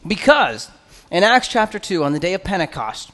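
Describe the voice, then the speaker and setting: A man preaching an expository sermon as pastor, earnest and conversational, with quick asides. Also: high voice, big pitch swings, fairly bright tone, long reverb tail.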